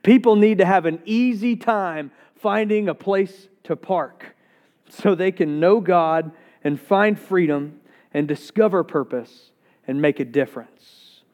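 Pastor guy preaching, high voice, stumbles over words when hyped, kinda muffled recording. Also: unhurried. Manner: energetic, repeats words when excited. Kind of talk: sermon.

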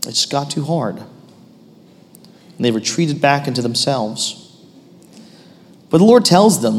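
Animated preacher man in a reverberant hall. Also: medium pitch, slow, pauses often. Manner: animated preaching, rising to loud emphatic peaks. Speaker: pastor. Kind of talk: sermon.

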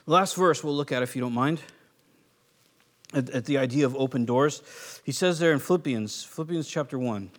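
A man's voice: mid-range voice, brisk. A man from California preaching a sermon in a conversational, joking way, now and then acting out the voices of the people in his stories. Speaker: pastor.

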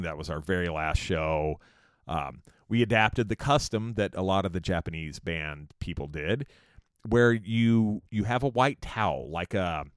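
Young california dude rambling about a band tour, swears a lot, lowish voice jumping all over. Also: male voice, no echo, studio quality. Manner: rambling, profane, many fillers. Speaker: musician recounting a tour. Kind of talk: casual storytelling monologue.

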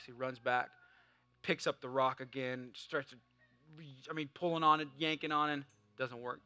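A man preaching a sermon, swinging from loud fervent exhortation to a hushed, conversational story. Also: mid-range voice, steady tone, normal speed, clean tone. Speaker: pastor.

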